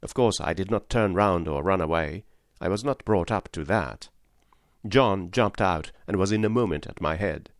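A man reading a classic story aloud in a gentle, measured storytelling manner. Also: low voice, no room sound, studio quality. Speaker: audiobook reader. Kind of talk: storybook narration.

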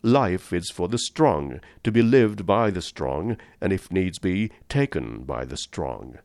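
Guy reading a smooth condescending general, amused, cold blooded, low voice, dry sound. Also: animated, slow, a little mellow, no room sound, heavily acted. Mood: suave. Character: suave, cold-blooded aristocratic male general.

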